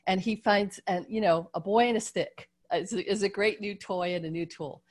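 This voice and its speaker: Leading a group video call, a woman teaches through a story that unfolds slowly, speaking at medium pitch with fairly even intonation. She's gentle but unpolished, full of ums and restarts, and sounds like she's on a video-call mic.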